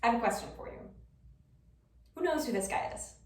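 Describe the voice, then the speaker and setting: Speaking a little high, animated and a little fast, a student presenter walks through her class presentation step by step, dropping the occasional um. She's a young adult woman, and the sound is echoey, with her voice far from the microphone.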